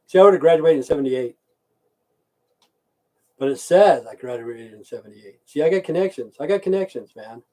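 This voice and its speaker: An older man rambles through a casual livestream rant, loose and profane, his level jumping from loud bursts down to low mutters. His voice has a dark, mellow tone. He talks straight to his viewers. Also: fast talker. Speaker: livestream host chatting with viewers.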